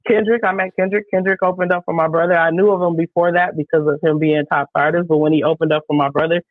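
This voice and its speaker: A woman spins a story in a casual podcast chat, emphatic and lively, with swearing all through her telling. Her voice comes through thin and tinny, with the narrow range of a phone line. The sound is dry, with no room around it. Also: lowish voice, fast, dry recording. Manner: profane, animated, emphatic storytelling. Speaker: show promoter.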